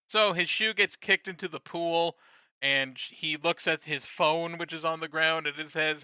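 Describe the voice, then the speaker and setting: A man's voice: on the high side, steady tone, measured pace, sharp tone, clear, resonant tone, dry recording, clean studio sound. A man co-hosting a podcast, casually recapping a TV episode and laughing constantly as he acts out lines. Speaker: podcast co-host.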